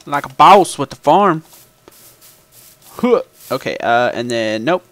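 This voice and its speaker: Slow, sing-song and a bit bright, a man's mid-range voice narrates his gaming video as he plays. He thinks out loud, hums little sound effects and talks to the game casually, while mouse and keyboard clicks sound in the background.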